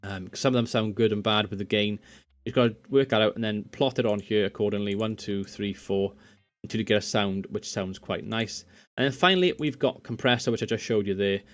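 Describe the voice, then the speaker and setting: A man's voice: lowish voice, fairly quick, faint music behind. A man casually walking through audio settings in a screen-recorded tutorial at his home computer desk, rambling and correcting himself as he goes, into a USB condenser microphone. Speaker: tech tutorial host.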